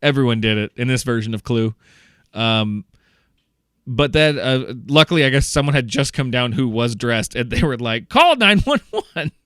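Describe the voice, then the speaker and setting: A young podcast co-host tells a story in a lively, casual chat, acting out the voices of the people involved and laughing often. His smooth, medium-pitched voice moves at a moderate pace, recorded with clean studio sound and no room sound.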